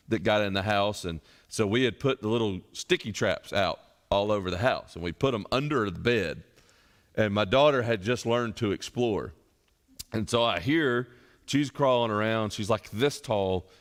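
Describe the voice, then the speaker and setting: A middle-aged man, a pastor leading a Bible study, preaching in a conversational way and telling folksy stories as illustrations. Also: on the low side. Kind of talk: conversational sermon. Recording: long hall reverb.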